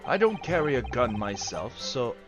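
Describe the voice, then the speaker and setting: A man reading a prim, refined young woman witness in a courtroom game, in a measured, matter-of-fact way. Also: mid-range voice, big pitch swings, dull audio, music in the background, lightly acted.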